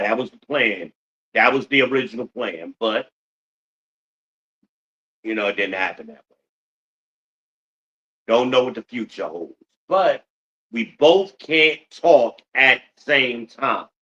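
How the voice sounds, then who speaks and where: A man's voice: mid-range voice, normal speed, pauses often, bright, forceful tone, highs cut off. A middle-aged man hosting a podcast in a blunt, profane ranting monologue, full of rhetorical questions to his listeners. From United States. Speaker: podcast host.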